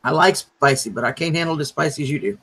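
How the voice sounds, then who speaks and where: A man's voice: a little high, quick pace, gravelly, fairly bright tone. A man hosting a casual livestream chat, talking proudly and chattily about his cooking. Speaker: livestream host.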